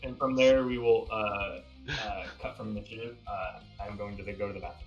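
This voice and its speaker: A man narrating a tabletop game as game master, halting and full of fillers. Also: on the low side, fairly even intonation, highs cut off, faint music behind.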